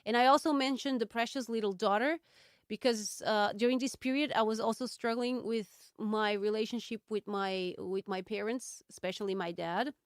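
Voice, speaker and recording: A woman hosting a solo podcast, reflecting candidly and thoughtfully, with frequent ums and pauses. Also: a little high, steady tone, no room sound, studio quality. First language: Portuguese. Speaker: podcast host.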